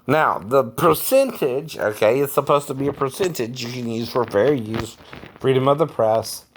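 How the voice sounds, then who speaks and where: A man's voice: mid-range voice, moderate pace, slight background noise. A man who works as an impersonator talks casually to his viewers, keeps adding "right?" and chuckles often. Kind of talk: casual vlog monologue.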